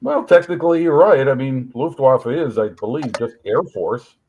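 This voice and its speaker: A man's voice: medium pitch, lively intonation, moderate pace, darkish tone, lo-fi sound, slight background noise. A man from the Chicago area with a Midwestern American accent, chatting casually on a live panel and telling stories with lots of fillers and restarts. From Chicago area, USA. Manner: rambling storyteller, many fillers and restarts. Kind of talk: casual chat.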